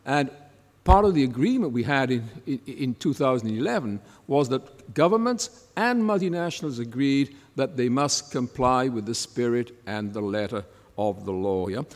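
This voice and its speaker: An older man, a tax expert on a panel, explaining at length in a measured way and often checking in with a quick "yes?" or "yeah?". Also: medium pitch, expressive. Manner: ends points with tag questions like "yes?". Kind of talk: panel discussion talk. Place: conference hall. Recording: long reverb in a large hall.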